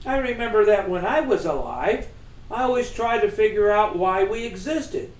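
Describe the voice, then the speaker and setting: A man's voice: sits high, expressive, normal speed. A man voicing the humble, reflective ghost of a baseball star, in an echoey room. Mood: earnest.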